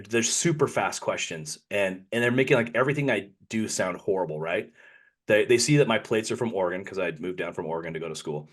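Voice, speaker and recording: Man, podcast co-host, lowish pitch, casual rambling storyteller, self-correcting. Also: fairly bright tone. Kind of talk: casual anecdote telling.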